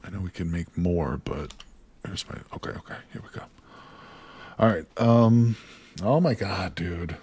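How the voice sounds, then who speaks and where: A man commentating live on his survival gameplay, talking to viewers and swinging between quiet mutters and excited outbursts. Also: low-pitched, measured pace, long pauses, breathy edge. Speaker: gaming streamer.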